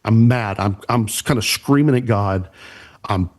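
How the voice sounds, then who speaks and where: A man's voice: fairly low pitch, moderate pace, a little mellow. A man, a church production pastor and podcast guest, earnestly telling an emotional personal story.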